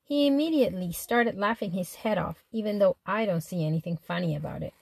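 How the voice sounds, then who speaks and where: A woman's voice: mid-range voice, brisk, creaky, no echo, clean studio sound. Woman narrating a teen diary. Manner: chatty, exasperated, animated. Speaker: audiobook narrator. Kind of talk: first-person diary narration as a teen girl.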